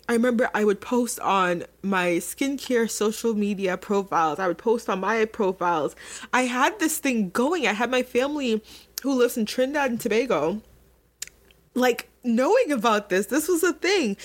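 A young adult woman hosting her own podcast, talking candidly and chattily straight to her listeners. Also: fairly high pitch. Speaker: podcast host. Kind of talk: casual solo podcast monologue.

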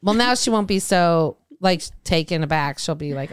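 A woman chatting casually on a podcast, quick to laugh and react. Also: lowish voice, animated, clear, resonant tone, dry recording. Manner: laughs easily, cheerful reactions. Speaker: podcast co-host. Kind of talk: casual chat.

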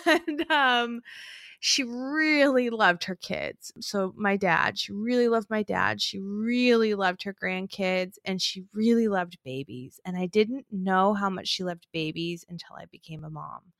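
A woman co-hosting a podcast shares a personal story in a casual, earnest, conversational way, the kind of heartfelt talk typical of the show. Her voice is medium-pitched, a bit bright, and unhurried, captured with clean studio sound and no echo.

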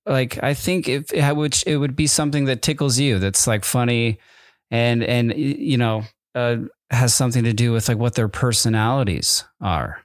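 A man's voice: medium pitch, no echo, studio quality. Rambling, wry man chatting on a podcast. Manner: rambling, hesitant, many fillers and restarts; wry, amused asides. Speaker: podcast co-host. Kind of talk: casual chat.

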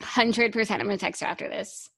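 Young woman podcast cohost, expressive, agrees a lot, casual chat. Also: medium pitch, fast talker, vocal fry, breathy edge. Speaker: podcast co-host.

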